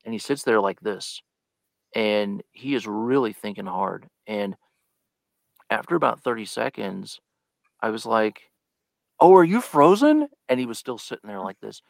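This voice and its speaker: A man's voice: fairly low pitch, unhurried, gravelly, fairly bright tone, no room sound. A man chatting as a guest on a live podcast, telling a story and acting out the lines he quotes. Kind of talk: casual live podcast chat.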